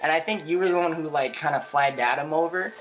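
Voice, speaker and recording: Brief: young male podcast co-host, higher voice, lively storyteller who laughs a lot. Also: fast talker, faint music behind. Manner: animated, laughs often, many fillers. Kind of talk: casual storytelling chat.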